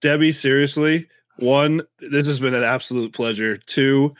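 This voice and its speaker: A man's voice: medium pitch, a little slow, a bit bright, dry recording, clean studio sound. A man co-hosting a casual chat, laughing hard and blurting out swear-filled reactions. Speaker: podcast co-host.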